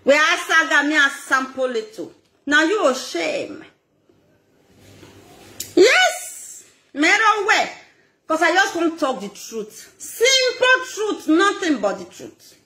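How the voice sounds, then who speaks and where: A woman's voice: high voice, normal speed, echoey room, slight background noise. A Nigerian woman ranting on a live video, scolding and laughing as she talks. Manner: animated, scolding, laughs often. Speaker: social media personality.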